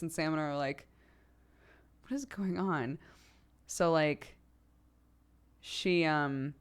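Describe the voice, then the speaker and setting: A woman in her thirties chatting casually on a livestream, telling stories and laughing often as she acts out quotes. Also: low voice. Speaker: streamer.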